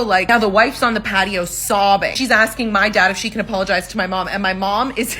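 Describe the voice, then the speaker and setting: A woman in her thirties spills an old family story at a rapid clip. Her voice is bright and forward, and she acts out everyone's lines with casual swearing. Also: mid-range voice. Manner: gossipy, animated, acts out quotes, swears.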